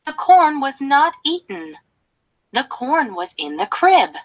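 A woman reading a children's storybook aloud, slowly and expressively. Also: sits high, sing-song, rough recording.

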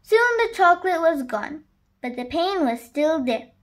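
Woman, storybook reader, host, children's picture book, gentle, high voice, slow pace. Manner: slow, gentle read-aloud.

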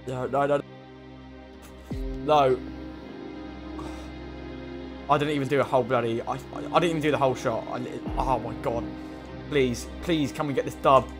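A young man giving casual, excitable commentary on his own football video game match, groaning and shouting at the play. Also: medium pitch, brisk, faint music behind. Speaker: gaming YouTuber.

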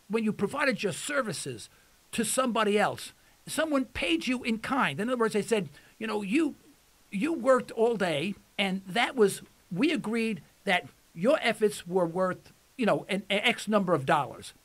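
A man's voice: high-pitched, pushed and bright. A man hosting a call-in radio talk show in a folksy, emphatic way, repeating phrases for effect, his voice starting to go.

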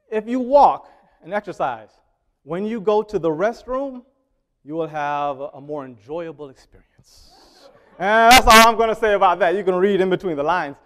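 Guy preaching to his church, kinda high voice, chatty, keeps asking the crowd stuff, goes loud then soft. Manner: conversational, asks the congregation questions; swings between loud emphasis and quiet asides. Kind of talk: sermon.

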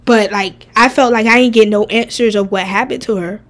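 A woman streamer chatting casually and bluntly while ranking game characters, animated and profane. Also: fairly high pitch, fairly quick. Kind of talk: casual game tier-list chat.

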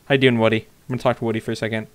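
A man hosting a casual game let's-play, excitable and goofy, jumping into squeaky joke voices. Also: rapid-fire, dry recording. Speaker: gaming channel host.

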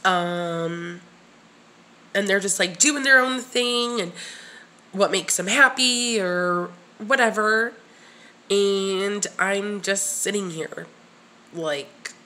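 A woman's voice: medium pitch, drawn-out words, long pauses, sharp tone. A woman recording her first vlog at her desk, nervous and shaky, rambling with restarts and whispered asides to herself. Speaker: channel creator. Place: home room at a desk. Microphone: at her desk facing camera.

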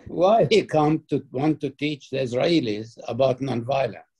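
Older storyteller type, a man with a husky, mellow voice who acts out dialogue in his anecdotes. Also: medium pitch. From Palestine. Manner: anecdotal, laughs while telling, acts out quoted dialogue. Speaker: interviewee. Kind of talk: storytelling in an interview.

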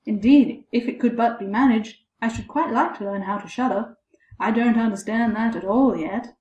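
A bold, blunt young man who knows no fear, read by a woman storyteller. He talks loudly and earnestly, slightly high, and the sound is echoey. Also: moderate pace, highs cut off, natural voice. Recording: echoey room.

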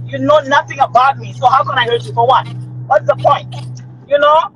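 A middle-aged woman tells a story in a chatty way, stopping often to check in with her listener. Her voice is very high, and the recording sounds a little muffled. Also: normal speed, fairly bright tone, slight background noise. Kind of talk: casual storytelling chat.

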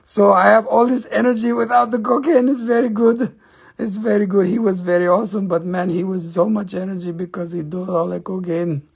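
A man hosting a live crystal sales show, joking excitably in broken English. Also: high voice, fairly quick, gravelly, hardly any pauses, breathy edge. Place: family crystal shop.

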